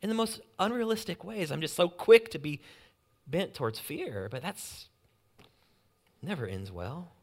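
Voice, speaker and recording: A young male pastor preaching with a slightly raised pitch. He shifts between loud urgent bursts and quiet, pointed emphasis. Along the way he acts out anxious inner voices with humor. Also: animated, a little slow, long pauses. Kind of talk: sermon.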